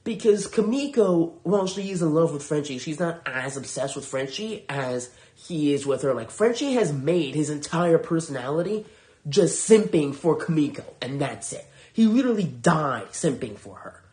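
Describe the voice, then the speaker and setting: A man's voice: fairly high pitch, animated, moderate pace, darkish tone. Profane ranting male podcast host. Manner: profane, heated, sarcastic. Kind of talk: casual review rant.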